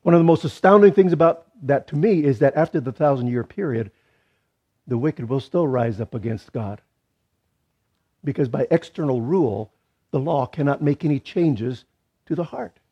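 A man's voice: mid-range voice, moderate pace, slightly rough. A man preaching a sermon in a conversational way, with joking asides and frequent restarts. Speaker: pastor. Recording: dull lo-fi recording.

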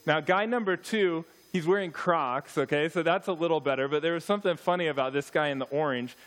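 A man, a missionary speaker, giving a church talk with humorous stories, animated asides to his audience. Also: a little high, fairly quick. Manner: storytelling, joking, animated asides.

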